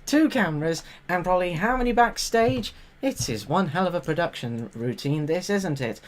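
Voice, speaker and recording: Low-voiced woman, sarcastic streamer. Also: animated, moderate pace. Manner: sarcastic, exasperated, jumps into loud high exclamations. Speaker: live streamer reacting to a TV show. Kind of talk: casual reaction commentary.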